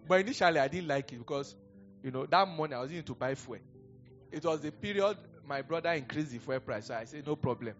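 With a fairly high, expressive voice, this middle-aged Nigerian-accented pastor talks fast through a rambling, conversational sermon. He wanders off into anecdotes and chuckles along the way, and the sound is dull and lo-fi, with faint music.

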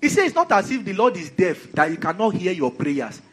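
Husky Nigerian preacher, lively sermon. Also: male voice, sits high, fairly quick, few pauses, soft background music. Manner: animated, conversational, many rhetorical questions.

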